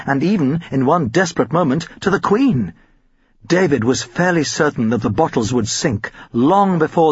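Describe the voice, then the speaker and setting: A man narrates an audiobook in an expressive, storytelling style, his husky voice at medium pitch. The recording has no echo but sounds muffled.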